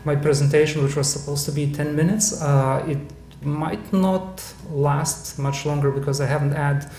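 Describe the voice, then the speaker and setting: Halting man giving a club talk. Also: on the high side, steady tone, mellow, faint music behind. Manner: halting, many fillers and restarts. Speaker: club presenter. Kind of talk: casual club presentation. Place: club meeting room.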